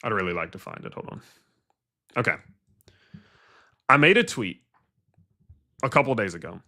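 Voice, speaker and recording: A man's voice: on the low side, big pitch swings, normal speed, sharp tone. A man hosting a casual livestream about crypto investing, ranting bluntly and swearing, with rhetorical questions to his viewers.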